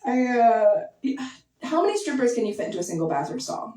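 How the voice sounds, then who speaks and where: A young woman doing a stand-up set in a basement club, talking casually and deadpan, full of likes and ums. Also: fairly high pitch, fairly quick. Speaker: stand-up comedian. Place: basement comedy venue with audience. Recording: echoey basement, mic heard from a distance.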